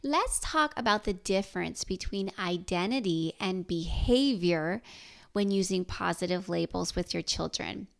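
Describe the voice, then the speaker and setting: A middle-aged woman hosting a parenting podcast, speaking in a gentle, encouraging way and asking her listeners questions. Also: lowish voice, expressive, measured pace, vocal fry. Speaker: podcast host.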